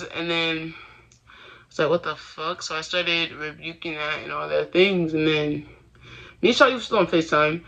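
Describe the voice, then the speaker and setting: A man's voice: fairly high pitch, pushed and bright. A young man talking casually and confessionally to the camera, rambling with slangy phrasing, restarts and fillers. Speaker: vlogger. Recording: dull lo-fi sound.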